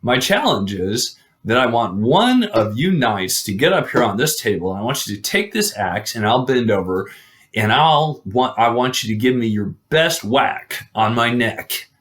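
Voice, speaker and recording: A man's voice: medium pitch, very animated, moderate pace, a bit bright. A man voicing a mocking giant green knight, keeping his own loose, chatty delivery. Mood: challenging. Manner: taunting, loose and conversational.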